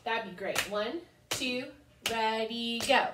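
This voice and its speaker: A woman's voice: fairly high pitch, takes it slowly, noisy background. A woman teaching children a music lesson, cheerfully chanting rhythm syllables. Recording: echoey room, mic far off.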